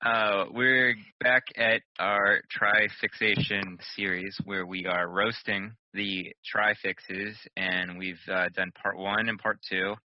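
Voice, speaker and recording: Low-pitched guy hosting a podcast, jokey, dry dull-sounding recording. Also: little pitch movement, takes it slowly, few pauses, dry recording. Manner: jokey, teasing. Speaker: podcast host. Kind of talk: casual podcast chat.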